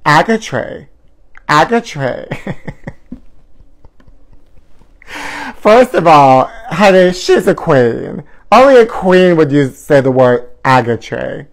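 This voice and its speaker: A man's voice: on the high side, expressive, slow pace, vocal fry. A man hosting a live gossip show, flamboyant and sing-song, calling his viewers honey. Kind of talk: campy live-stream gossip chat.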